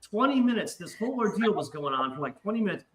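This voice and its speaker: A podcast guest with a high-pitched voice talks fast, casually spinning a wild story. He swears a lot and acts out the voices of the people in it, and he's animated and profane throughout. The recording is rough, made in an echoey room.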